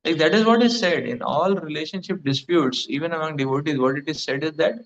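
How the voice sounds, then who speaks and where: A man's voice: fairly high pitch, a little fast. A man giving a devotional lecture as a spiritual teacher, rambling with many fillers like "you know". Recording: dull lo-fi recording.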